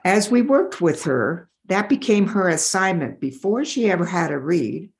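Middle-aged woman guest, lively storyteller, deep voice with a gravelly edge. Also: moderate pace. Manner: animated, acts out voices in her anecdotes. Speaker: developmental optometrist. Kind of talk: storytelling in a podcast interview.

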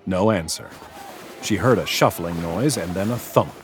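A man reading audiobook narration in a measured storytelling manner. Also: low voice, very noisy.

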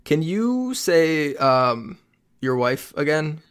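A man's voice: fairly high pitch, sing-song, slow, smooth. A man co-hosting a sports podcast, teasing and ribbing his partner with dry questions. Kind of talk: casual sports chat.

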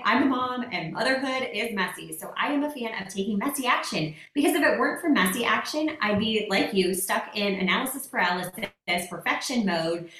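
Lively woman host with a roomy echo. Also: on the high side. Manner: emphatic, encouraging, upbeat. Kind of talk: motivational conversation. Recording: roomy echo, voice set back from the mic.

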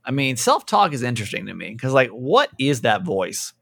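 A man co-hosts a radio talk show in casual chat. His voice is gravelly and swings widely in pitch, and he acts out the people he quotes. The studio sound is dry. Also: big pitch swings, moderate pace, fairly bright tone, dry recording.

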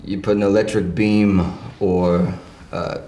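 A man playing a young American Jewish soldier with a New Jersey accent who answers in a halting, hesitant way in a period TV drama. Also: low voice, little pitch movement, mellow, a little hiss or hum. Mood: unsure. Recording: roomy echoing TV soundtrack.

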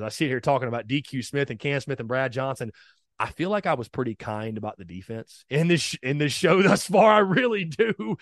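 A man's voice: a little high, a bit bright, dry recording, clean studio sound. A man hosting a sports podcast, talking energetically and with strong opinions, speaking straight to his listeners. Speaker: podcast host.

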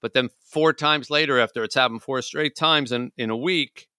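A man co-hosts a casual talk show with a bright, forward tone. He tells stories in an animated way and jumps into exaggerated quoted voices. The sound is dry and close. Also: medium pitch, moderate pace, clean tone, no room sound. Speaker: co-host.

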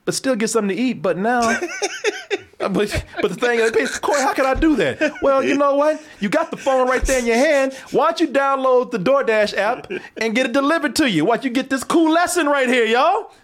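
A male host riffs through a comedic reaction chat, laughing often and slipping into mock-serious asides. His voice is high and very animated. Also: a little fast, slight background noise. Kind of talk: casual comedic reaction commentary.

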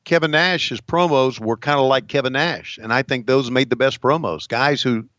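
A man hosting a podcast in casual chat, talking haltingly with many pauses and restarts. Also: medium pitch, a bit bright, no echo, highs cut off. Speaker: podcast host, wrestling announcer.

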